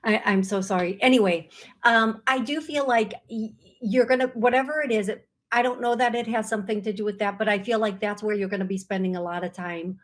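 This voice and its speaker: A woman's voice: medium pitch, steady tone, brisk. A woman hosting a call-in psychic radio show, talking in a searching, earnest, often apologetic way. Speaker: psychic medium radio host.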